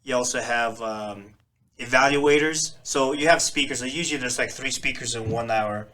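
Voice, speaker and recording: Co-hosting a laid-back podcast, a Filipino man in his forties with a slight accent tells lively stories and laughs frequently. He speaks at a medium pitch and normal speed.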